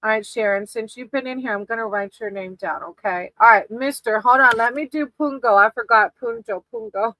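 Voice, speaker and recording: Doing casual tarot readings for livestream viewers, this woman is warm and laughs a lot, addressing people as sweetie. Her slightly high voice is bright and forceful, a little fast with few pauses. The low-quality recording has a little hiss or hum.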